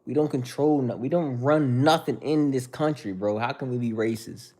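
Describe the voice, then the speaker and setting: A man's voice: medium pitch, moderate pace, darkish tone. A man hosting a casual livestream, answering viewer chat in a mocking, profane, confrontational way.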